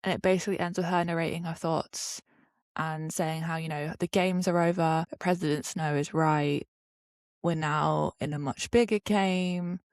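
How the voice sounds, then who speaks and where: Relaxed low-voiced woman podcast co-host. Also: moderate pace, dry recording, studio quality. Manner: relaxed, recounting at length with fillers. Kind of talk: casual chat.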